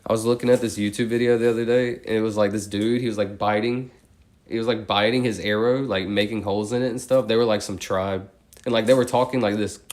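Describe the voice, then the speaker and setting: A young man steadily counting numbers out loud, breaking off now and then to ramble casually. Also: fairly low pitch. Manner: steady rapid number recitation, rambling slangy tangents. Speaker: streamer counting aloud. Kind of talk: monotone counting with casual asides.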